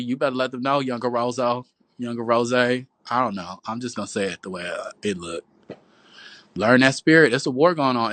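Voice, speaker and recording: A man's voice: mid-range voice, a bit bright, no room sound. Guy ranting like a preacher on a phone live, cussing a lot, dry close sound. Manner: profane, preachy, repetitive, calls listeners "boo" and "y'all". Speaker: livestream host. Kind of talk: rambling preachy livestream monologue.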